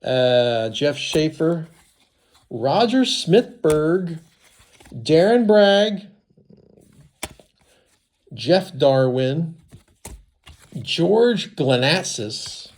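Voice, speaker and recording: A man with congested sinuses, unboxing baseball cards in casual commentary, reading names slowly with chatty asides. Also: a little high, sing-song, a little mellow.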